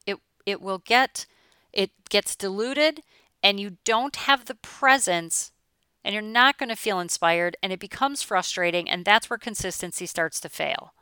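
Woman, forties, mindset coach: blunt and emphatic, casual swearing, bright crisp voice. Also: medium pitch, measured pace, dry recording. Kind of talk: motivational talk.

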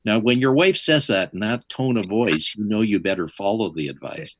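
Man, middle-aged, husky voice, lively swooping pitch, dry close sound, wry storyteller. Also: moderate pace, dry recording. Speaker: interview guest. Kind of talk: storytelling in an interview.

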